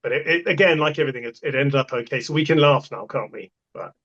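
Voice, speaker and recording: A man, a podcast guest telling an animated story and acting out the voices of the people in it. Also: medium pitch, fast talker, lo-fi sound. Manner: animated anecdote, acts out quoted voices. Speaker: guest, festival toilet contractor. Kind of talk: casual storytelling.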